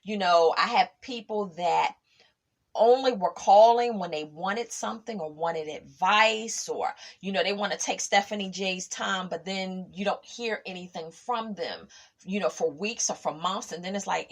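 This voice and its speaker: A middle-aged woman hosts a faith podcast, delivering a casual monologue in a mid-range voice at a slightly slow pace. She talks emphatically and acts out past conversations.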